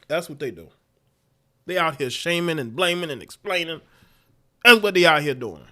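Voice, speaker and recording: Animated man ranting on a livestream. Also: fairly high pitch. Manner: animated, repetitive ranting with laughs. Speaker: livestream host. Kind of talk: casual commentary livestream.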